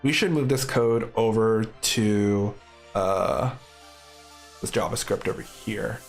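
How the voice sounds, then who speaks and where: A man's voice: fairly low pitch, slow, soft background music. A man streaming live coding, thinking aloud in casual, upbeat commentary.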